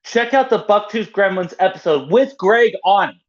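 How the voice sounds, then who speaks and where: A man co-hosting a podcast in a relaxed chat, his voice sitting high and swinging animatedly. He talks eagerly, often stumbling and restarting his words. The recording sounds dull and lo-fi. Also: moderate pace. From North Carolina. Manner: stammering, enthusiastic. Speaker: podcast co-host. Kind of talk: casual chat.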